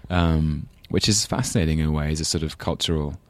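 Over a little hiss or hum, a very deep-voiced man with a London English accent talks briskly. Appearing as an interview guest in casual chat, he comes across as thoughtful and rambling, with laughs at his own expense.

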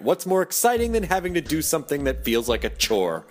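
A man's voice: big pitch swings, fairly quick. Guy w a worn-out voice doing a rambly podcast intro, jokes at himself. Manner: rambling, self-mocking, jumps between high and low. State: nearly lost voice. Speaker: podcast host. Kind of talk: casual podcast intro and ad read.

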